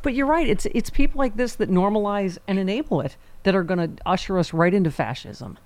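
A woman's voice: mid-range voice, dry recording. Sarcastic woman hosting a talk show. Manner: animated, sarcastic, quick asides. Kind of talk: political talk show discussion.

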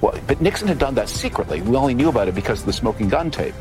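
A man's voice: medium pitch, very animated, racing, over music. A man, a political commentator, giving an urgent, explanatory answer in a television interview clip.

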